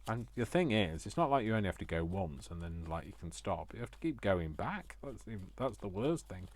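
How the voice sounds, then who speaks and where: Guy rambling on while he makes stuff, teases himself, kinda low voice. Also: sing-song, fairly quick. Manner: self-mocking, jokey asides to viewers. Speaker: craft vlogger. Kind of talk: chatty crafting commentary.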